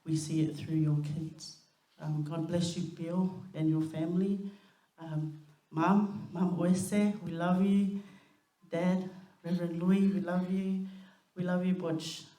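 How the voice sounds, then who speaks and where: A woman's voice: lowish voice, level tone, slow, mellow. A woman giving a heartfelt, chatty eulogy for her cousin at a family funeral service. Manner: heartfelt, chatty, with fillers and laughter. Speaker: eulogy speaker, youngest sister. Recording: echoey hall.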